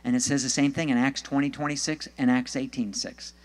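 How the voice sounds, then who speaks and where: A man's voice: medium pitch, little pitch movement, a little fast, long reverb tail. A man, a Christian author and speaker, telling testimony stories and urging listeners on in an earnest, exhorting sermon style.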